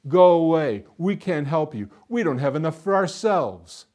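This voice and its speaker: Brief: man doing a chorus of loud, grasping villagers. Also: on the high side, sing-song, moderate pace. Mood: dismissive. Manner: loud, clamoring. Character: wary, greedy crowd of villagers.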